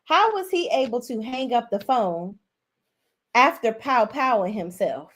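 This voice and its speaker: A woman in her forties hosting a casual livestream, recapping a drama episode and speaking directly to viewers in a chatty, animated way. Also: a little high, a little slow. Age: 40s. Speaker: host. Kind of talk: casual livestream show review.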